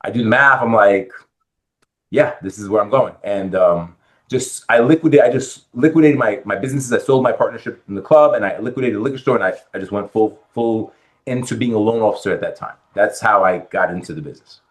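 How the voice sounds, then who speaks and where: A middle-aged man with a fairly low voice. He tells his story as a podcast guest in a lively way, acting out the voices of the people he met. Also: fairly quick. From Bronx, New York. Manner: animated storyteller acting out quoted dialogue. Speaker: guest, real estate lender.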